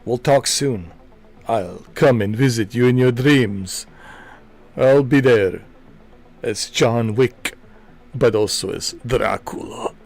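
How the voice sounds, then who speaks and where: Male game streamer, slow loose rambling banter, middle pitch. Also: darkish tone. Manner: rambling, joking, laughs often. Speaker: gaming streamer. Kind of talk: casual chat while streaming a game.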